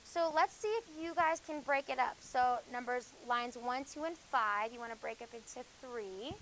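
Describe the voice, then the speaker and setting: Higher-voiced woman teaching a class. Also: normal speed, a little hiss or hum, rough recording. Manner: explains with many fillers and self-corrections, hushes students. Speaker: high school English teacher. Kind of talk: classroom lecture.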